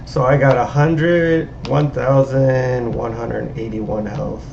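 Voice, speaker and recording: A man's voice: mid-range voice, fairly even intonation, slow, vocal fry, a little mellow, a little hiss or hum. A man streaming a game and chatting over a voice call, a rambling storyteller who laughs at his own stories. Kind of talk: casual chat. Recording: dull lo-fi call audio.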